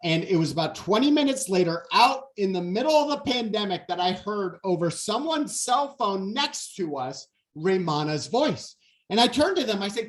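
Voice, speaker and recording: A man in his forties giving a motivational keynote talk, telling stories in an animated way and acting out the quotes. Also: high-pitched, moderate pace. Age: 40s. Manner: animated storyteller, acts out quotes. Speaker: keynote speaker.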